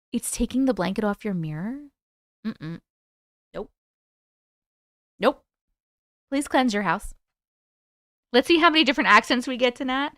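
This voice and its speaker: A woman's voice: sits high, animated, a bit bright, dry recording, clean studio sound. A young woman hosting a livestream, chatting casually and giggling as she reads out viewer comments. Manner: chatty, giggly, quickly distracted. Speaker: livestream host.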